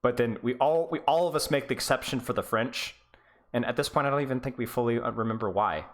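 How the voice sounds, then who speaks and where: A man's voice: medium pitch, fairly bright tone. A man coaching players on a live stream, rambling and sarcastic as he rates game clips and keeps interrupting himself. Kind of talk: live-stream clip review.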